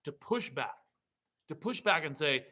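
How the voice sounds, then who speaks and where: Fired-up guy in a political interview, sharp bright voice, pushes hard on every point. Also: a little high, animated, a little slow, poor audio. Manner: heated, emphatic, rising to indignation. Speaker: state representative guest.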